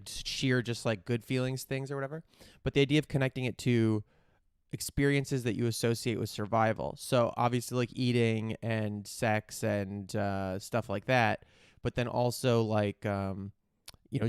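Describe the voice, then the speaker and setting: Smooth-voiced man hosting a casual podcast. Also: mid-range voice, no room sound, studio quality. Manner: rambling and candid, with casual swearing. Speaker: podcast host. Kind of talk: casual chat.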